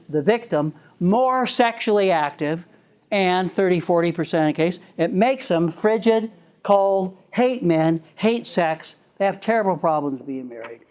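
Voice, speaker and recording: A man's voice: high voice, a little mellow. Chuckling man giving a lecture. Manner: chatty, laughs often, acts out examples. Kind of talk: live lecture to a class.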